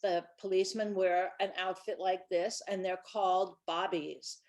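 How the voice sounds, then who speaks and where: A woman's voice: fairly low pitch, steady tone, normal speed. A woman who writes children's books, talking casually and chattily about her books, with small restarts. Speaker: children's book author.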